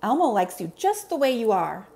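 Lady doing a squeaky little monster kid, talks about himself in third person, big bouncy storybook voice. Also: very animated, moderate pace, gravelly, mellow. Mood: eager. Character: small eager red furry monster boy, cheerful. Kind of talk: storybook read-aloud.

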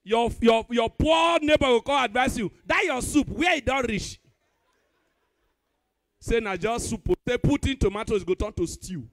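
A young man with a Nigerian Pidgin accent doing live stand-up comedy, animated and bursting into shouts. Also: very high voice, unhurried, no echo, studio quality.

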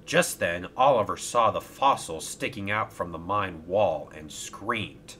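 A man narrating a toy-train storybook with slow, expressive storytelling. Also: deep voice, a little hiss or hum.

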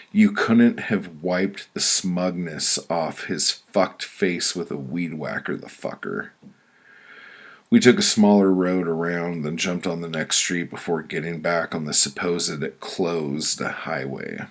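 A man reading his own prose poems aloud as an audiobook, blunt, profane and deadpan. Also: deep voice, slow, breathy edge.

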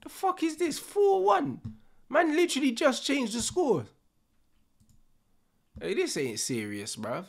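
Young streamer, relaxed delivery with animated pitch; loud slangy banter. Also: male voice, slow, creaky, pauses often. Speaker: streamer reacting to football. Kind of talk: live reaction commentary.

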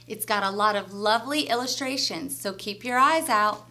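A woman teacher reading a children's story aloud with an expressive storyteller voice. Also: mid-range voice, normal speed.

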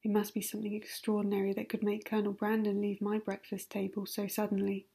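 A woman's voice: medium pitch, completely flat delivery, quick pace, mellow, breathy edge. A woman voicing a proper, composed aristocratic lady with a polite, reproving manner, in a whispered role-play.

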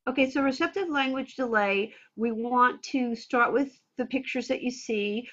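Over a video call whose audio sounds a bit dull and muffled, a woman speech pathologist answers interview questions in a lively, playful way. Her high voice is bright and forceful, and she speaks at a moderate pace.

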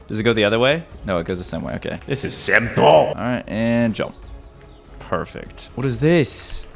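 A young man commentating his own platformer run, excitable, repeating himself and yelping and gasping at near misses. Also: medium pitch, moderate pace, gravelly, faint music behind. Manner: excitable, repeats phrases, yelps and gasps. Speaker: gaming YouTuber. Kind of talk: let's-play commentary.

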